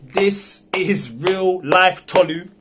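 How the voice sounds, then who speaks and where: A man reading a young man who is backing out of an affair with a married woman, calm and measured, in a live script read-through over a phone. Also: high-pitched, noisy background. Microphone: phone on a livestream.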